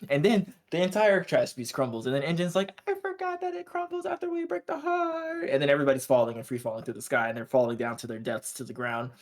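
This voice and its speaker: A man co-hosting a podcast, casually recapping an anime episode in loose, slangy storytelling and briefly acting out the characters' lines. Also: mid-range voice. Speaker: podcast co-host.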